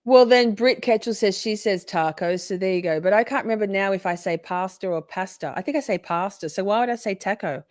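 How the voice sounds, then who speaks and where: An Australian woman hosting a casual livestream chat, animated and quick to jump into high quoted voices. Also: dry recording, studio quality. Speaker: livestream host.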